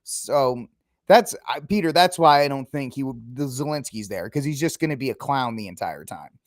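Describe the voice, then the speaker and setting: A man hosting a casual political podcast, opinionated and mocking, sometimes acting out quick impressions of politicians. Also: medium pitch, animated, no echo, clean studio sound. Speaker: podcast host.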